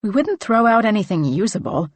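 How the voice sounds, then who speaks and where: A woman voicing a tense young female climber who tries to calm a friend, urgent and soothing. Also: medium pitch, brisk, no echo, pitched above the performer's own voice.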